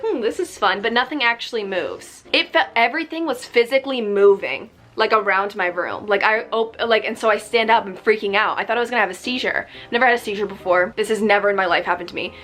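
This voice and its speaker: A woman's voice: mid-range voice, a bit bright. A young woman chatting casually while doing her makeup, rambling through a story with lots of fillers. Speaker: beauty vlogger. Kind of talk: casual get-ready-with-me chat.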